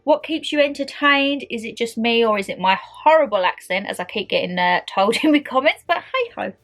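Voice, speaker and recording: A bubbly woman in her twenties chats casually to her viewers, sounding friendly and familiar. Her voice sits a little on the high side. Faint background music plays under her talk. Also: lively intonation, brisk, fairly bright tone. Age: 20s. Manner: chatty, bubbly, calls viewers "my lovelies". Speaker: YouTuber. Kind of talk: casual year-end chat to camera.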